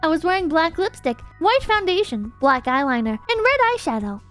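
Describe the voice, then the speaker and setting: A woman's voice: extremely high pitch, very animated, fairly quick, a bit bright, soft background music. A young adult woman streamer doing a mocking comedic reading with sarcastic asides.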